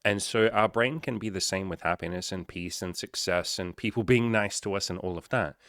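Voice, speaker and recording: A man's voice: low-pitched, normal speed, a bit bright, smooth, dry recording, studio quality. A man coaching listeners in a casual solo podcast, loose and joking with frequent swearing and rambling asides.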